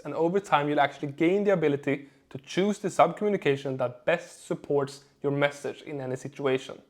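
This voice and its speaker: A young adult man with a voice pitched a little above the usual talks straight to camera as a communication coach. He speaks in a measured way, leans on key words and lets pauses sit. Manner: measured, stressing words and pausing for effect. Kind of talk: instructional video talk to camera.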